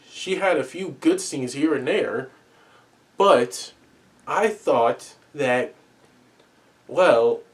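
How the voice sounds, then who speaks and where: A man giving a casual spoken movie review, talking earnestly, often repeating and restarting his words and making pleading asides. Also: medium pitch.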